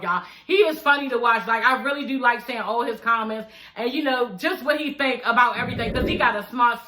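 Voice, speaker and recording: A woman's voice: a little high, pushed and bright. A woman giving a blunt, sassy, profane recap of a reality show in casual commentary. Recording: echoey room.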